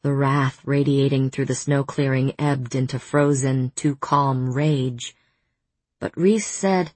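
Female audiobook narrator, low husky voice, measured first-person fantasy reading. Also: fairly even intonation, a little mellow, no room sound.

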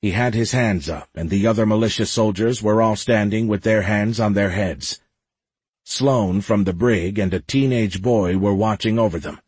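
A man reads a science-fiction audiobook in a steady, dramatic way. His voice is low and husky. The recording is dry and close, with no room sound. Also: moderate pace, dry recording. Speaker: audiobook narrator. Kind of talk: scripted narration.

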